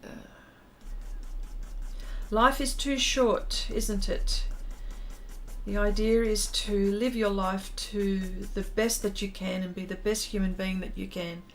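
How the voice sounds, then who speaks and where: A woman hosting an art livestream, chatting warmly and casually with viewers while she draws, with plenty of ums and heartfelt asides. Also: medium pitch, fairly even intonation, slow. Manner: chatty and heartfelt, many ums, reads out chat comments.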